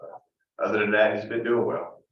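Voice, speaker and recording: A man's voice: fairly low pitch, steady tone, moderate pace. A man speaking as a prison warden, giving a brief report at a hearing in a plain, hesitant way full of fillers. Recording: distant, echoey, dull remote feed.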